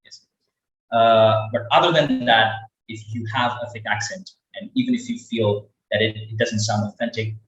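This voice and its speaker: A man's voice: on the low side, fairly bright tone. A man giving a webinar talk, rambling with many fillers and repeated words. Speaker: webinar speaker on English accents. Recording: echoey room, distant from the mic.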